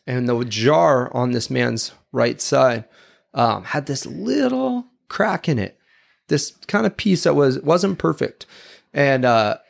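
A man's voice: mid-range voice, expressive, takes it slowly, vocal fry. A man giving an earnest, confessional, sermon-style talk, reflective and personal. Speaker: speaker giving a devotional talk.

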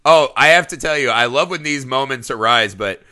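Bright-voiced laughing man telling stories. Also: mid-range voice, normal speed. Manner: laughing often, storytelling, profane. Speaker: podcast co-host. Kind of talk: casual film discussion.

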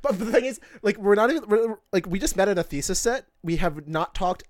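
Stammering young man, lively chatter. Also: high-pitched, brisk. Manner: rambling, stammering, laughing. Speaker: podcast co-host. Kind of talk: casual chat.

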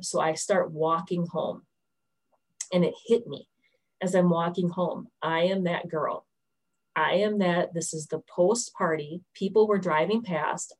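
A woman's voice: on the low side, low-quality recording. A woman in her thirties telling her personal faith testimony in a candid, storytelling way, with frequent restarts. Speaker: testimony speaker.

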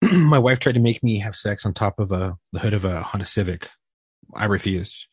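A man on a podcast, telling a joke in a deadpan way. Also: lowish voice, normal speed, breathy edge, no room sound, clean studio sound. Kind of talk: casual podcast banter.

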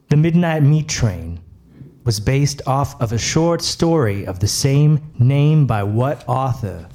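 A man's voice: mid-range voice, lively intonation, slow pace, mellow. A man hosting a comedy game show, announcing in a rambling, stumbling way.

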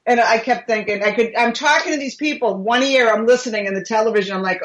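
A woman's voice: fairly high pitch, fast talker, hardly any pauses, fairly bright tone. Chatty New woman, roomy room. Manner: chatty storyteller, laughs easily. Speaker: co-host. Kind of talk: casual podcast chat.

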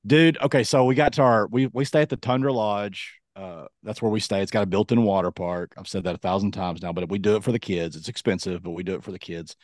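Kentucky man, low voice, rambling animated storyteller, dry close recording. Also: fast, few pauses, no room sound. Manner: rambling, animated storyteller with many restarts and acted-out quotes. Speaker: podcast co-host. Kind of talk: casual storytelling chat.

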